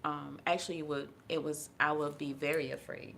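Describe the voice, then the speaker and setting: A woman's voice: low-pitched, flat delivery, fairly quick, gravelly, a bit bright, a little hiss or hum. A woman guest on a podcast, telling personal stories in casual conversation and acting out the people in them. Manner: earnest storyteller, acts out quoted voices. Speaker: podcast guest, holistic health practitioner.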